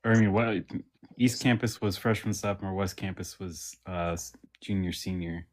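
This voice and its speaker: A man with a fairly low voice chats loosely on a podcast with friends. He circles around his point, full of "like" and restarts. His talk stays relaxed and conversational. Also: normal speed. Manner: rambling, with many fillers and restarts. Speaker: podcast co-host. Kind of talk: casual chat.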